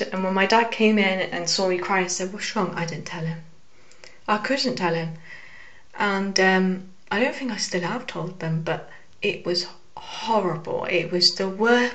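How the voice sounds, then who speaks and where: A young woman telling a personal story to camera, hesitant with frequent fillers and soft asides. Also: lowish voice. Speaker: vlogger.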